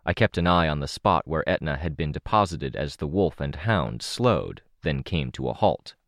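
A man narrating an audiobook in the first person, in a steady, measured reading. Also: very deep voice, no room sound, clean studio sound.

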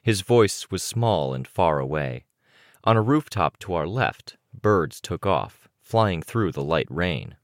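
Deep-voiced man narrating an audiobook. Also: big pitch swings, dry recording, clean studio sound. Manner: measured storytelling reading.

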